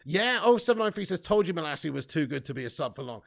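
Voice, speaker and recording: This is a young man hosting a live stream. He is reading viewer comments aloud. His voice is gravelly and sits a little high. His delivery is loose and laddish, with laughs and the odd swear word. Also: sing-song, quick pace. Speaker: fan channel host reading live chat. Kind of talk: casual live-stream chat.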